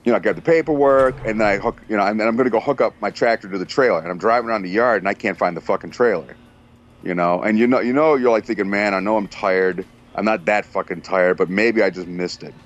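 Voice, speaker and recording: A man's voice: lowish voice, fast talker, muffled recording. A man chatting casually and telling stories, cursing constantly and acting out what people said. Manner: profane, animated storyteller doing quoted voices. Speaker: truck driver. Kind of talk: casual chat.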